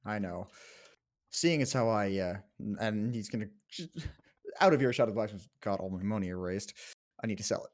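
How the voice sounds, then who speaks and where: A man playing a tabletop game, speaking calmly with halting pauses. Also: lowish voice. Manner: calm, halting, with uhs. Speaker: player. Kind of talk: casual tabletop play.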